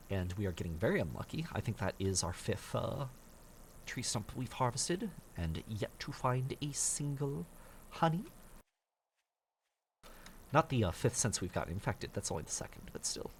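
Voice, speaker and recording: Gravelly, grumbling gamer man. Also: mid-range voice, sing-song, unhurried, pauses often, slight background noise. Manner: grumbling, profane, self-mocking. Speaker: streamer playing a survival game. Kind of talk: casual gameplay commentary.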